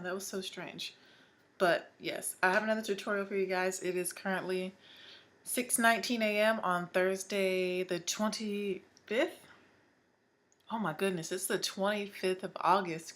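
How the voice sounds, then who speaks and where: A young woman in her twenties walks viewers through a makeup tutorial in a bright, chatty way. She talks casually and happily, as a beauty vlogger talks to her followers. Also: medium pitch, fairly even intonation, a little slow. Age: 20s. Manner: chatty, upbeat and talkative. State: suffering hiccups.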